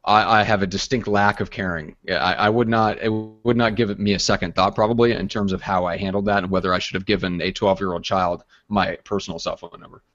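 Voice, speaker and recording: A man co-hosts a podcast in casual chat, putting his dry jokes across in a deadpan way. His voice sits somewhat low, and the recording sounds a little dull and lo-fi. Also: quick pace, hardly any pauses. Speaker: podcast co-host.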